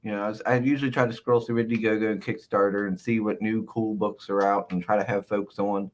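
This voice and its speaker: A man's voice: fairly low pitch, fairly even intonation, fast talker. A man hosting a casual livestream, reading out the chat and laughing along. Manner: laughing, talks back to chat. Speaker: livestream host.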